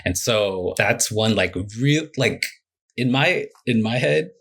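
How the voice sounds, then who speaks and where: A male therapist talking casually on a podcast, animated, with many fillers and acted-out client quotes. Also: mid-range voice, slow pace, creaky. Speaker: therapist guest.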